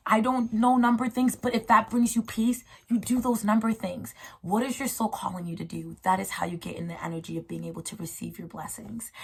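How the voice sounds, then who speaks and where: Gravelly-voiced woman in a rambling chat. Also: fairly low pitch. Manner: rambling, playful, warmly encouraging, slangy. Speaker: host. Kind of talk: casual solo chat about spirituality.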